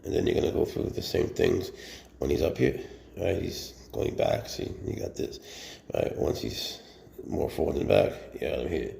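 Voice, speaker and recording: A man's voice: very deep voice, expressive, normal speed, creaky, mellow, reverberant. A man keeping exotic animals who talks casually and affectionately, often cooing to them. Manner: chatty and affectionate, coos to his animals. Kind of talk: casual vlog talk.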